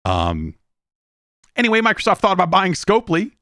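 His voice is high-pitched and fairly bright, swinging hugely in pitch as he talks fairly quickly. He's a podcast host in his forties, casually ranting with exasperation, swearing often and mocking others in quoted voices. The audio is studio quality with no room sound.

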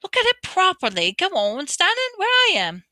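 A woman voicing an earnest orphan boy wizard in an amateur audiobook reading, pitching up into an urgent, pleading delivery. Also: huge pitch swings, normal speed, bright, forceful tone, no echo, full character voice.

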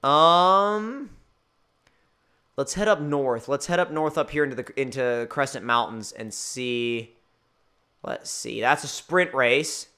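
A man giving excitable, jokey, rambling commentary while playing a racing game. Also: mid-range voice, takes it slowly, clear, resonant tone. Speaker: gaming channel host. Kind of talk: gameplay commentary.

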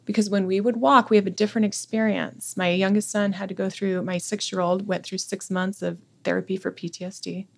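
A woman in her forties speaks in an emotional personal conversation as a podcast guest. She is earnest and candid, with a voice of middling pitch that often drops low and quiet. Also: little pitch movement, brisk, creaky, hardly any pauses.

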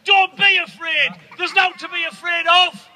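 Man, stand-up rant, very high strained voice, shouty and profane. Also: fairly even intonation, normal speed, a little hiss or hum, low-quality recording. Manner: loud, ranting, profane, shouting punchlines. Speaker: stand-up comedian. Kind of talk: stand-up rant to an outdoor crowd. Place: outdoors at a protest gathering.

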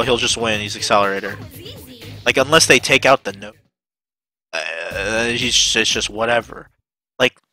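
A man streaming a game who chats casually and excitedly, swears often, and jumps into high-pitched shouts when he acts out his own reactions. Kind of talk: casual chat while gaming.

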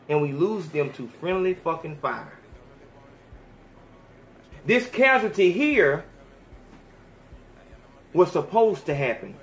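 A man's voice: high voice, a bit bright. A man hosting a podcast, giving heated, profane commentary in a preachy, fiery manner. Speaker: podcast host.

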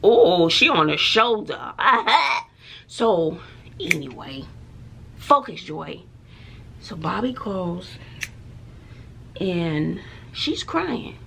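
A middle-aged woman talks straight to her viewers in a chatty vlog. Her voice has a gravelly edge, and she takes her time. She tells her stories with drama and often drops to a hushed aside. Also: lowish voice, sing-song, extremely slow, long pauses, slight background noise. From Texas. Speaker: schoolteacher and mother. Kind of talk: casual chatty vlog storytelling.

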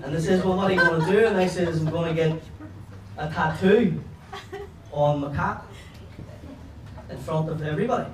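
A man with a Belfast accent doing a stand-up comedy set, rambling through crude stories and now and then breaking into loud shouts. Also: fairly high pitch, normal speed, long pauses, roomy sound, distant mic, a little hiss or hum, rough recording. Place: pub comedy room with a laughing audience.

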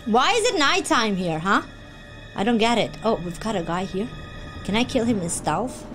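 A woman gaming YouTuber giving loud, excitable let's-play commentary, yelping, laughing and chatting with her viewers. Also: medium pitch, normal speed. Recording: game music playing underneath.

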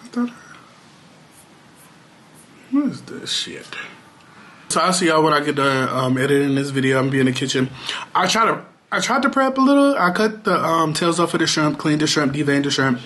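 A man's voice: on the high side, quick pace, sharp tone. A man talking casually to his viewers in a home vlog, playful and loose with slang and fillers. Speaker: vlogger. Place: home, at his computer and kitchen.

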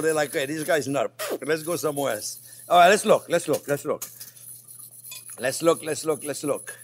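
Older french-accented man, chef demo, high lively voice, chatty. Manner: animated, chatty, addresses viewers as friends. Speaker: chef host. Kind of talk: cooking demonstration.

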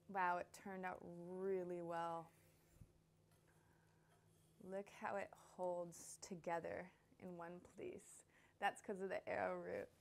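Slow-talking woman hosting a cooking vlog. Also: medium pitch. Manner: gushing and heartfelt, with frequent laughs and soft asides. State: tearful, crying while she talks. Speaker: cooking show host.

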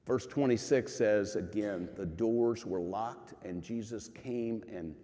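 A male pastor preaches slowly and deliberately in a lowish, mellow voice, earnest and emphatic, with dramatic rises and drops to a near hush. The long reverb of a church sanctuary fills the sound.

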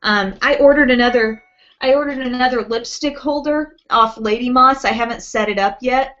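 Chatty woman with a higher voice on dull audio. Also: normal speed, fairly bright tone. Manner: chatty, reads viewer comments aloud, frequent ums and laughs. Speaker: beauty live-stream host. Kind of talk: casual live-stream chat.

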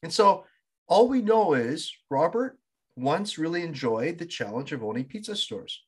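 A man's voice: a little high, very animated, moderate pace, darkish tone, slightly rough. A man hosting a podcast who reflects philosophically on what his guest has said and affirms him. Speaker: podcast host. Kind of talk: interview conversation.

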